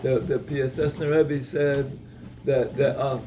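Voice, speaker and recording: At an evening gathering, a man delivers a Torah talk, telling a story haltingly with lots of repeated words and false starts. His voice is medium-pitched and level. The mic is distant and the background is noisy.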